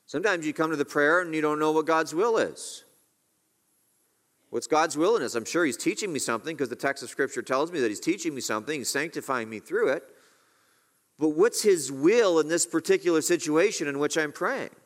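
A man preaching a sermon, earnest, slowing down to stress key words and rising on questions. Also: fairly high pitch, expressive. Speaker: pastor.

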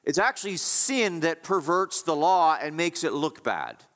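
A man's voice: a little high, big pitch swings, unhurried, a bit bright. A man preaching a sermon as pastor, asking rhetorical questions and repeating his points with emphasis. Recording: long hall reverb.

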